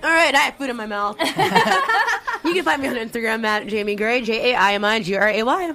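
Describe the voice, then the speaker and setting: A woman's voice: on the high side, animated, fairly quick, pushed and bright. A playful woman panelist in a casual talk show, laughing as she talks. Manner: giggly, playful. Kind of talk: casual chat.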